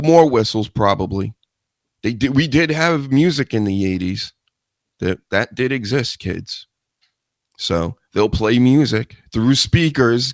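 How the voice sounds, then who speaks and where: A man's voice: lowish voice, no echo. A man hosting a solo chat show into a studio mic, rambling and joking with crude asides. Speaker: show host.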